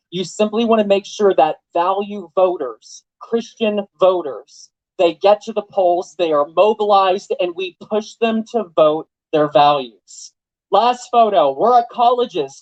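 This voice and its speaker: A young man giving an animated, joking rally speech to a live audience, full of rhetorical questions. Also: high-pitched, lo-fi sound. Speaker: political activist speaker. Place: event venue with live audience.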